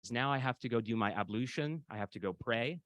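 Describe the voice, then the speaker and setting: A man's voice: medium pitch, fairly quick, a bit bright, no echo, muffled recording, close to an everyday voice. A man voicing an aging, weakened male lion king who laments his lost strength in a spoken fable. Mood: lamenting.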